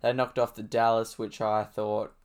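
A man's voice: fairly low pitch, flat delivery, moderate pace, smooth. A man with an Australian accent co-hosting a sports podcast, blunt and swearing mildly as he talks. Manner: blunt, says "bloody" a lot. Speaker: podcast co-host. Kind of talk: casual sports podcast chat.

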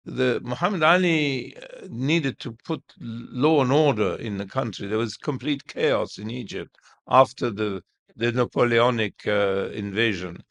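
An older man being interviewed, telling stories in a halting way, often repeating words and turning animated when he quotes other people. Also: mid-range voice, vocal fry. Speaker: interview guest. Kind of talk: conversational interview storytelling.

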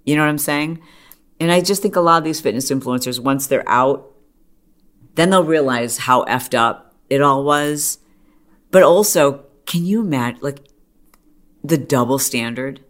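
A middle-aged woman hosting a podcast, talking in a chatty, animated way full of "like" and quick asides. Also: a bass voice. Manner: chatty, animated storytelling with frequent "like". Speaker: podcast host. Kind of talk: casual monologue.

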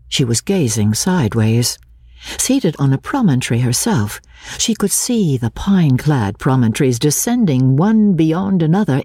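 A woman radio host narrating a classic novel in a measured, expressive dramatic reading. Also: rumbling low, slightly rough, dry recording, studio quality.

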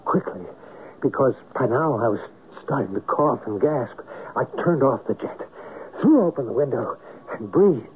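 A man's voice: medium pitch, expressive, moderate pace, slight background noise, lightly acted. An actor playing a reflective writer who narrates his own story in a 1970s radio drama. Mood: tense. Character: reflective male writer, wry and dry. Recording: narrow phone-like old radio broadcast.

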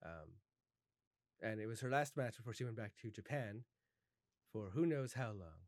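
A man's voice: lowish voice, animated, normal speed, no echo, studio quality. A man hosting a casual wrestling chat, playful and teasing, sometimes mock-mournful. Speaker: podcast host.

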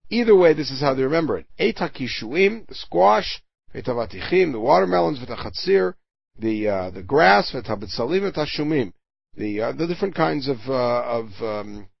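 A man teaches Torah verse by verse, his voice gravelly and a little husky, with a lively rise and fall. He reads a Hebrew line, then explains it in English, often stopping to hunt for the right word. The recording is dry and somewhat dull. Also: a little high, no echo.

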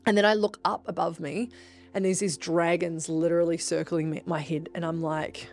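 A young woman hosting a podcast, telling spiritual stories in a casual, profane, animated way that jumps into excited shouts. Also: moderate pace, faint music behind. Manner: animated, profane, bursts into high excited shouts when reenacting. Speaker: podcast host. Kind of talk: casual storytelling monologue.

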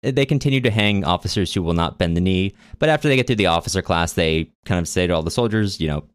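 A man co-hosting a casual book podcast, retelling a story with chatty, wry asides. His voice is low and deep. The recording is dry and close, with no room sound. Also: quick pace, hardly any pauses, smooth, dry recording. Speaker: podcast co-host.

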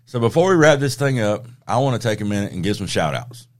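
Male podcast host, lowish voice, easygoing storyteller who laughs a lot. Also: big pitch swings, fast. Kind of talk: casual chat.

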